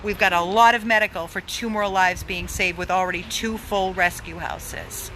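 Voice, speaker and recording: A woman's voice: lowish voice, steady tone, moderate pace, noisy background. A woman who runs an animal rescue, pleading for donations, emphatic and repeating words for stress. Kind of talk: pleading fundraising appeal.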